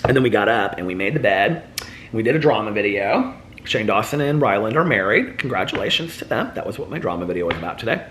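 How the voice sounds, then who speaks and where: A man's voice: fairly low pitch, animated, quick pace, a bit bright, slight background noise. A man telling a casual daily vlog story, chatty and laughing often, acting out the voices of people he quotes. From United States. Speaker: vlogger.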